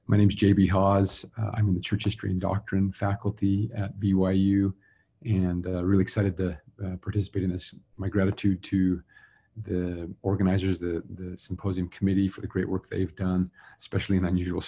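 A man from Utah speaks in a deep, flat, gravelly voice, giving a recorded symposium lecture on doctrine. His tone is dark and husky, and he talks in an easygoing, self-deprecating way, often stopping to restart with "uh" and "um.". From Utah, USA. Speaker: religion professor giving a symposium talk. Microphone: remote talk recording with screen share.

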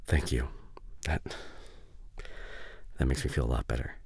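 A man voicing a caring young male best friend in a whispered role-play, speaking softly and haltingly with emotional reassurance. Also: extremely low pitch, steady tone, creaky, slightly rough, dry recording, heavily acted. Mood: gentle. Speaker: ASMR voice actor. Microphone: studio condenser mic.

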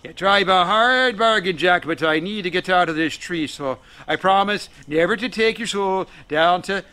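A man's voice: high voice, moderate pace, sharp tone, clear, resonant tone. A man voicing a cornered male Devil who wheedles and bargains. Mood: grudging.

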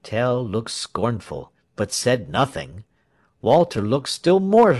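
A man reading a storybook aloud as narrator. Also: mid-range voice. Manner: slow, lively storytelling with shifting character voices. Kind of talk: storybook reading with acted voices.

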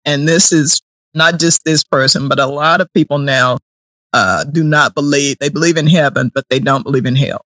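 A man hosting a faith podcast, asking interview questions in a calm manner and giving brief affirmations. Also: on the high side, moderate pace, dry recording. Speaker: podcast host.

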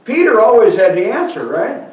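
A man's voice: high-pitched, very animated, normal speed, highs cut off, a crowd in the background. A man preaching a sermon, reading scripture aloud and asking the congregation questions. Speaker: pastor. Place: church sanctuary. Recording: echoey church hall, from far off.

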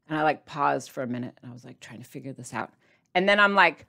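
A woman talking straight to her viewers in a casual vlog, chatty and playful, with sudden jumps in pitch for emphasis. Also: fairly even intonation, fast, gravelly, a bit bright. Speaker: diet vlogger addressing viewers.

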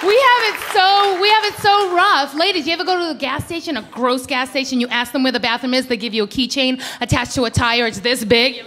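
A woman in her thirties performing a brash, animated stand-up comedy set on a club stage, acting out loud quoted voices. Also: high-pitched, brisk, hardly any pauses, some chatter behind, a little hiss or hum.

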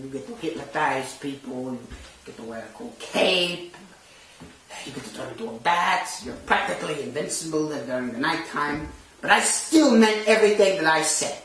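A woman playing a grumpy, theatrical centuries-old vampire count who hosts a horror review show, with an exasperated, sarcastic way of ranting. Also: a bit bright. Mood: grumbling. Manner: exasperated, sarcastic, wildly swinging pitch. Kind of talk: comic in-character rant. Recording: very echoey room, distant mic, faint noise.

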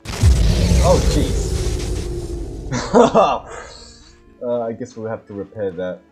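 With music in the background, a man hosting a gaming video chats casually as he plays, laughing a lot and yelling in repeated panic when something chases him. He speaks slowly in a low-leaning voice with big swings in pitch.

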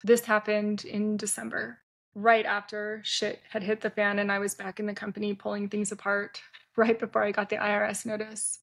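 A woman's voice: mid-range voice, completely flat delivery, moderate pace, gravelly, a bit bright. A woman hosting her own podcast as an entrepreneur, talking candidly and casually and swearing freely. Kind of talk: solo podcast monologue.

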